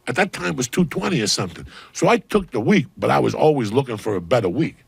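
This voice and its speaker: A man telling comic stories on a podcast, loud and profane, with punchy bursts and sudden shouts. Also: mid-range voice, very animated, fast talker, vocal fry, husky, no echo. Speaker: comedian guest on a podcast. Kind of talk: profane comic rant and storytelling.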